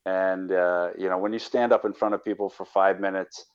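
A man's voice: sits low, level tone, brisk, smooth, dull audio. A man guest on a casual podcast, rambling and restarting his sentences. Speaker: caller and guest.

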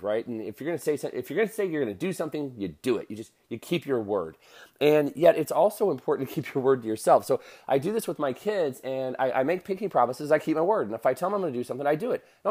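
Fast-talking man, rambling motivational talk. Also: medium pitch, a little mellow. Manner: rambling, fast, with many fillers and restarts. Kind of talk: casual motivational monologue.

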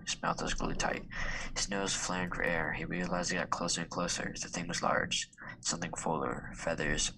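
A man reading a story aloud in a hushed, half-whispered way. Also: low-pitched, noisy background. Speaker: student reader.

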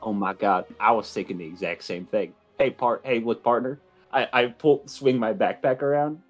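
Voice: medium pitch, normal speed, faint music behind, pitched below the performer's own voice, natural voice. A player voicing Cody, a polite, eager eleven-year-old boy who stammers and gets giggly.

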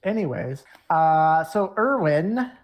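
A woman game master with a slightly low voice narrates a tabletop session casually. She rambles and fills pauses with "uh" and "um" as she goes. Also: lively intonation, highs cut off, noisy background. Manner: rambling, laughing, many fillers.

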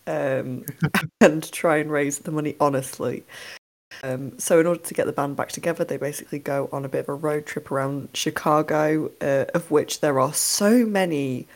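Female podcast co-host, low voice, lively exclamatory chat. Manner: animated, laughing, exclamatory. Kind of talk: casual film review chat.

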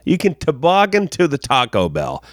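Chatty male podcast host, lively pitch. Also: normal speed, no echo, clean studio sound. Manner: joking, rambling asides. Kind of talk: casual podcast chat.

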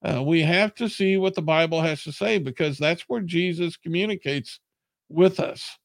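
A man's voice: on the high side, normal speed, creaky, no room sound. A man preaching a sermon in an earnest, plain-spoken way.

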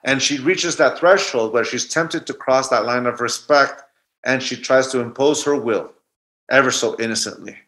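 A man's voice: medium pitch, moderate pace, fairly bright tone. A man in his forties, a guest telling a reflective personal story and often restarting mid-thought. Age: 40s. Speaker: guest speaker.

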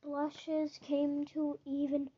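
A woman reads a children's book aloud in a gentle storytelling manner, now and then stumbling over a word and restarting it. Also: high voice, completely flat delivery, extremely slow. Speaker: narrator. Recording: dull lo-fi recording.

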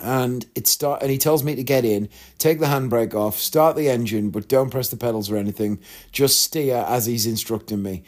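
A man's voice: medium pitch, normal speed. Chatty man telling a candid story. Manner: chatty, candid, rambling with asides and quoted voices. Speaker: vlogger. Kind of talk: casual storytelling to camera.

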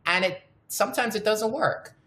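A woman's voice: mid-range voice, normal speed, fairly bright tone, reverberant. A woman hosting a casual podcast, telling personal stories candidly and swearing freely. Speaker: podcast host.

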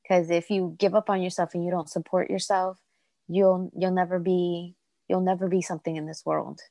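A woman's voice: on the low side, little pitch movement, moderate pace, dark tone, no room sound. A woman from Colombia, a mother of four, speaking earnestly as a podcast guest and repeating phrases for emphasis. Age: adult mother of four. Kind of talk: heartfelt interview talk.

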